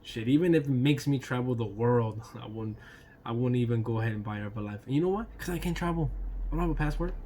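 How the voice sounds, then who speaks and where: A man's voice: medium pitch, fast talker, mellow, slight background noise. A man telling a casual storytime vlog, loose and chatty, laughing between lines, swearing now and then and dropping in "you know" and "right?". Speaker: YouTube storyteller.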